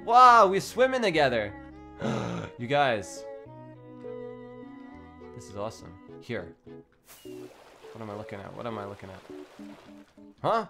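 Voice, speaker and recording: A young man streaming a game in a casual, giggly way, thinking aloud and chatting excitedly with his viewers. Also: on the low side, slow pace, gravelly, pauses often. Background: faint background music.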